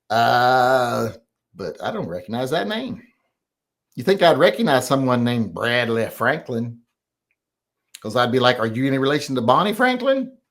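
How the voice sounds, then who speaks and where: A man's voice: mid-range voice, a bit bright. A man hosting a casual livestream, rambling and swearing as he chats with viewers over a computer microphone. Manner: rambling, profane, talks to himself and chat. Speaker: livestream host.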